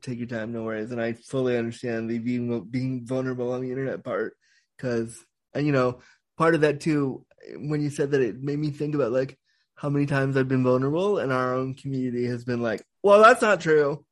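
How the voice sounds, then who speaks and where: A man's voice: medium pitch, level tone, a little fast, darkish tone. A man hosting a podcast, chatting casually and in a reassuring, easygoing way with his guest. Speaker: podcast host. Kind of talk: casual interview chat.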